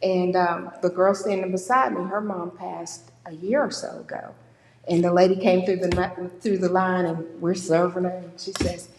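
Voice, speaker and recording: A woman's voice: on the low side, normal speed, creaky, a little hiss or hum. A woman giving a conversational church talk on grief, acting out the people she quotes. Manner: warm conversational, acts out quoted people with lively voices. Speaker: speaker at a church. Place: church sanctuary. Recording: echoey church hall with long reverb.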